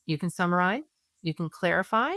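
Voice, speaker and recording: A woman's voice: fairly low pitch, lively intonation, fairly quick, fairly bright tone, no echo, clean studio sound. A woman, a parenting expert guest on a podcast, explaining her method through worked-through scenarios and often checking in with "right?". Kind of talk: podcast interview.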